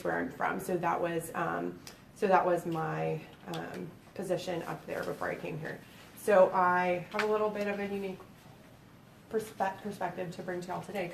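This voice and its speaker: A woman's voice: on the low side, creaky. A woman from Boston with a Boston accent, a nurse giving a friendly educational presentation with frequent fillers. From Boston, USA. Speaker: pediatric epilepsy nurse presenter. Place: library meeting room. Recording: echoey room, distant mic, faint noise.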